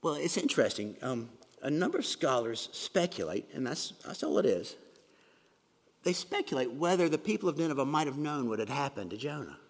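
A man preaching a sermon in an earnest way, with a gravelly, husky voice, dropping to soft whispers for emphasis. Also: mid-range voice, sing-song, fairly quick, big-room sound. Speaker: pastor.

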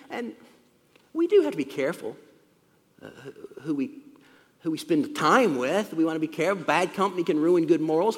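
Male pastor, conversational sermon, fairly high voice, long hall reverb. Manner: conversational, explains and repeats points.

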